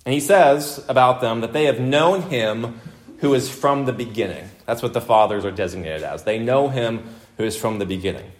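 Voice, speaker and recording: A man's voice: mid-range voice, normal speed. A man preaching an expository sermon, stressing his points by repeating them and putting questions to the congregation. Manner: emphatic, repeats points for emphasis, asks the room questions. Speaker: pastor.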